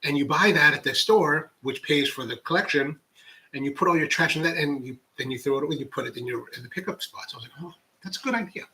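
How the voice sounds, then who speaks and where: A man's voice: a little high, fast talker, bright, forceful tone, a little hiss or hum. A man hosting a coffee channel livestream, chatting casually and reading viewer comments in a rambling way with many restarts. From United States.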